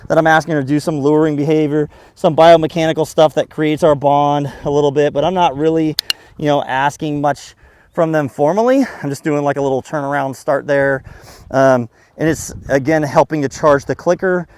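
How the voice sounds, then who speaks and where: Brief: male dog trainer, slightly higher-pitched voice, easygoing explainer, recorded outdoors with faint background noise. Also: normal speed. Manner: relaxed explaining, breaking into high excited calls to the dog. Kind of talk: casual outdoor training demonstration.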